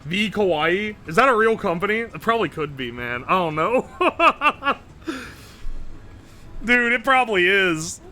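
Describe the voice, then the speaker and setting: A man's voice: high voice, animated, a little slow, bright, forceful tone. A man streaming live, reading his chat aloud and reacting in a joking, profane way. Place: home streaming setup.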